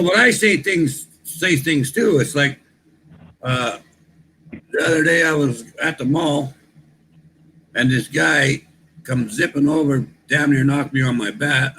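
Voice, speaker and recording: A man's voice: mid-range voice, pushed and bright, a little hiss or hum, low-quality recording. A man co-hosting a casual livestream chat, joking and telling wry stories. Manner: joking, tells wry anecdotes. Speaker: co-host.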